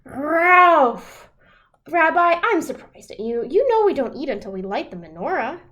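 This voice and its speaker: A woman's voice: sits high, sing-song, unhurried, pushed and bright, lo-fi sound, heavily acted. A woman voicing a kind, chatty old grandmother in a picture book read-aloud. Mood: warm, chatty.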